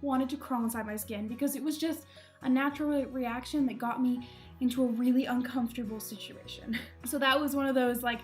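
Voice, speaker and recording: A woman's voice: high-pitched, fairly even intonation, fairly quick, faint music behind. A young woman casually telling embarrassing travel stories to camera, chatty and self-deprecating, laughing often. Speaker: vlogger.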